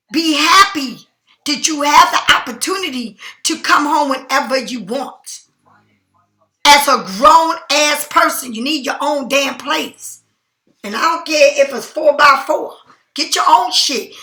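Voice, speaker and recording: A woman's voice: high voice, bright, forceful tone, roomy sound. A middle-aged woman tarot reader speaking bluntly and emphatically to her viewers in a spontaneous monologue.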